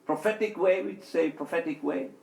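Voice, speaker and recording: A man with a high voice gives a sermon in a large hall, and the room is roomy and echoing. He tells stories and acts out each speaker, rising and falling sharply in pitch and volume. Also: normal speed, creaky. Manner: tells stories, acting out quoted speech with swings of pitch and loudness. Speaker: speaker at an Islamic center. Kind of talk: sermon with storytelling. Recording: echoey hall.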